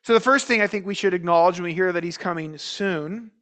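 High-voiced male pastor preaching deliberately. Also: fairly bright tone. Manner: measured preaching with repeated words and rhetorical questions. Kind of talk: sermon.

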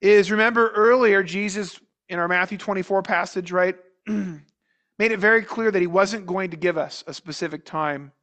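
Male pastor, high-pitched voice, measured sermon delivery with restarts and rhetorical questions. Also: fairly bright tone. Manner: measured preaching with repeated words and rhetorical questions.

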